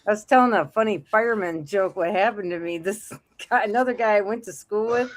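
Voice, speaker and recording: A woman's voice: medium pitch, a little fast. A middle-aged woman co-hosting a casual chat show, telling stories and laughing often. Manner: chatty storyteller who laughs often. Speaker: co-host.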